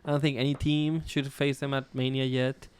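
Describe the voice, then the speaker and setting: A man's voice: mid-range voice, level tone, normal speed, clean tone, no room sound. A man with a Midwestern American accent co-hosting a casual wrestling podcast, laid-back and rambling, swearing and laughing often. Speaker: podcast co-host.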